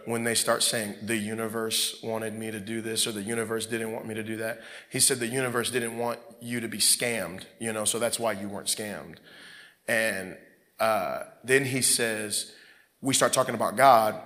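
Man preaching casually in a reverberant hall. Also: medium pitch. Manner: conversational, animated storytelling with many fillers. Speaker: pastor. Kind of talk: sermon with storytelling.

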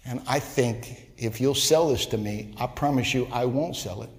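A man, a pastor, telling a folksy story in a sermon, growing animated and loud at its climax. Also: medium pitch, moderate pace, long reverb tail. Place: church sanctuary.

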